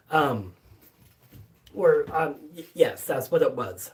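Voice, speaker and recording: Unhurried, rambling workshop streamer of mid pitch; loose filler-heavy chat, casual cursing, sits back from the mic. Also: big pitch swings, recorded from a distance. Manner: rambling, many fillers and restarts, casual swearing. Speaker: livestream host. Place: basement workshop.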